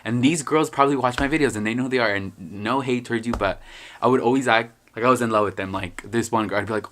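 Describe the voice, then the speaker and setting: A man's voice: mid-range voice, fast talker, a bit bright. A young man telling stories in a casual vlog, rambling, joking and swearing freely. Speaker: vlogger.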